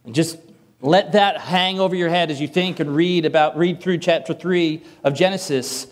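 A man's voice: a little high, normal speed. A man preaching a sermon in a conversational way, with light self-deprecating humor, from the Northern US.

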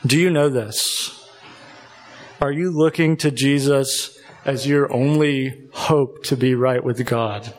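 A man preaching a sermon, earnest and emotional, reading scripture aloud and pausing now and then to collect himself. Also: medium pitch.

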